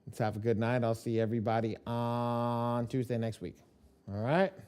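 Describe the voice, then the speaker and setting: A man's voice: medium pitch, steady tone, normal speed, darkish tone, smooth. A man teaching a live online class from home, chatting loosely and telling jokey stories in slang. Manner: loose, joking storyteller with slang. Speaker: credit dispute trainer.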